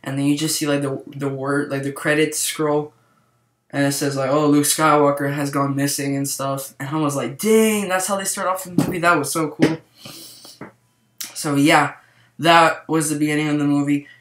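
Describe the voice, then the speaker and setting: Young guy gushing about a movie, lots of likes and ums, bit high, echoey room. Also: moderate pace, slight background noise. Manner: excitable, rambling, lots of fillers. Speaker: movie reviewer. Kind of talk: casual spoiler review.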